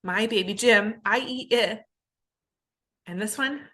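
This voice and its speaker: A woman with a bright, clear voice leads a phonics drill at a very slow pace. She sounds out each letter sound and word part one at a time, deliberately and carefully. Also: medium pitch. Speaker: ESL teacher.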